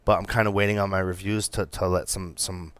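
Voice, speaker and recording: A man co-hosting a cigar podcast, talking in a casual, animated, rambling way with many restarts. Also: deep voice, a little fast, smooth, no room sound. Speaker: podcast co-host reviewing cigars. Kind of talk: casual chat.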